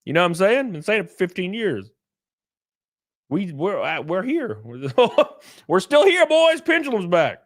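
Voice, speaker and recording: Here a man from California hosts a relaxed livestream at an unhurried pace, his high-pitched voice very animated. He goes through the chat and responds with frequent profanity, lots of laughter and impressions of other people. The sound is clean studio audio with no room sound.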